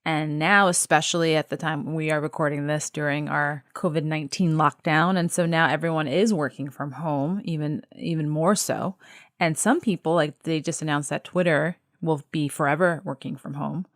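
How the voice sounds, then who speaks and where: A woman hosts a candid podcast in a chatty, self-deprecating way. Her voice is low and the sound is dry and close, with no room around it. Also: fairly even intonation, normal speed, dry recording. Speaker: podcast host.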